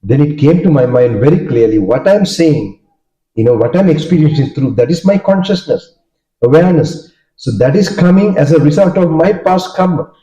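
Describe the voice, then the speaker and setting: Monk recounting stories in an echoey hall. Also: male voice, on the high side, expressive, mellow. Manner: halting, storytelling, many fillers and restarts. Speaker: Buddhist monk giving a talk. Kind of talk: informal dharma talk. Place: hall with audience. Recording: dull echoey hall recording.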